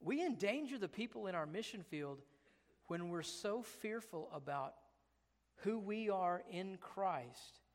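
A man's voice: sits high, expressive, unhurried. A man preaching a sermon as pastor, emphatic and conversational, full of rhetorical questions to the congregation. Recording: long hall reverb.

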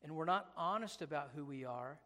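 A man's voice: a little high, lively intonation, fairly quick, bright, forceful tone. A man preaching a sermon as pastor, emphatic and conversational, full of rhetorical questions to the congregation. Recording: long hall reverb.

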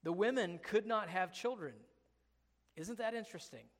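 This pastor has a high voice and speaks at normal speed, his sermon echoing with long hall reverb. He preaches emphatically but conversationally, putting rhetorical question after rhetorical question to the congregation.

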